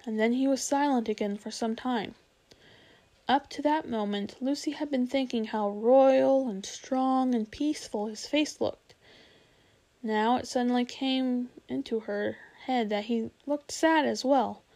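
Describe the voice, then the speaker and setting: A woman reading a storybook aloud in an unhurried way, with small slips and restarts. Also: a little high, darkish tone.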